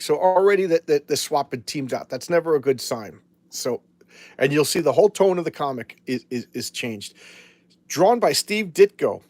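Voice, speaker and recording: A man's voice: medium pitch, no echo. A man in his fifties hosting a casual live show about old comics, talking in a chatty, rambling way with many restarts and wry jokes. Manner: wry, jokey asides. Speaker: comic book show host.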